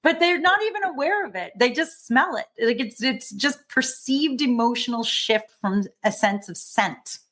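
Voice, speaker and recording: Woman exec coach guest, bit high voice, chatty and animated. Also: moderate pace, few pauses. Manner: lively, animated storytelling with laughs and restarts. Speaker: executive coach, podcast guest. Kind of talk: casual conversational interview.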